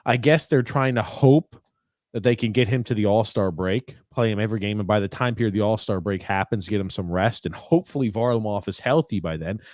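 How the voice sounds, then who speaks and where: A low-pitched man talks through a hockey game with his co-host in a chatty, teasing way. The sound is dry and close, with no room echo. He speeds up at times as he gets going. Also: brisk, a little mellow. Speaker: podcast co-host. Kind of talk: casual sports watch-along chat.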